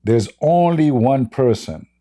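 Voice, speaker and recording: Brief: man, livestream debate host, mellow dark tone, blunt and scoffing. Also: lively intonation, slow. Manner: laughs often, blunt and mocking, mimics callers in higher voice. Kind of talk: casual livestream debate talk.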